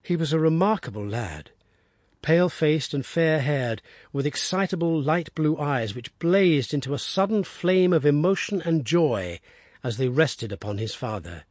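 A man narrating an audiobook with expressive, steady storytelling. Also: a little high, unhurried, no echo, clean studio sound. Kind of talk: scripted narration.

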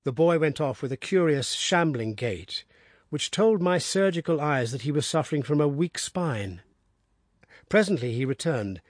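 Husky, expressive male audiobook narrator. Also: fairly high pitch, no room sound, studio quality. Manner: expressive, steady storytelling. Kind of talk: scripted narration.

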